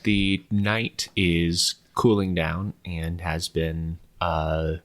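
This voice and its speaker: A man's voice: deep voice, flat delivery, extremely slow, a bit bright. A man acting as game master, explaining rules and narrating scenes with fillers and restarts. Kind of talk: running a tabletop game.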